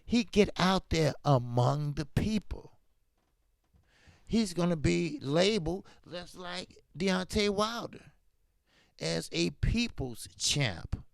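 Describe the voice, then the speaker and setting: This boxing talk show host has a gravelly voice on the high side, captured dry with clean studio sound. On his casual commentary livestream he's animated and emphatic, drifting into slang as he goes.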